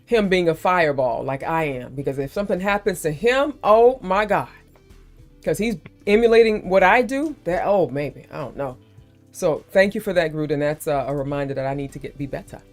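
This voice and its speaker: A woman with grandchildren, hosting a casual live stream chat in an animated, emphatic way. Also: sits low. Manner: animated, emphatic, quick to heat up.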